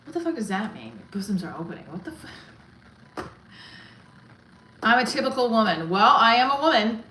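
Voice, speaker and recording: A woman's voice: on the high side, very animated, moderate pace, bright, forceful tone, slight background noise. A woman hosting a casual livestream, cracking profane, rambling stand-up jokes. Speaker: livestream host. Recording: roomy echo.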